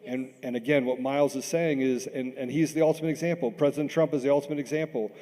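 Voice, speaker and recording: A man's voice: medium pitch, fairly even intonation, fast, warm tone. Earnest man in a reverberant hall. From Washington, D.C. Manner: earnest, repeats words when stirred. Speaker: panel guest. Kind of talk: impassioned speech on a panel. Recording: long reverb in a big hall.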